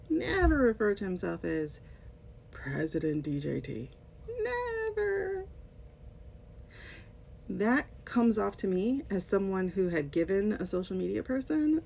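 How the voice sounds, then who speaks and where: A woman speaking slowly in a dark, gravelly voice, giving casual commentary straight to her viewers. Her delivery is sarcastic and pointed, with heavy emphasis. The recording sounds dull and lo-fi, with a faint rumble underneath. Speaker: commentator, former English teacher.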